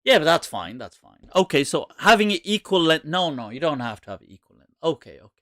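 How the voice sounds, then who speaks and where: A man hosting a casual live Q&A, animated and mocking, laughing often. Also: fairly high pitch, fast talker, no room sound, clean studio sound. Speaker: host.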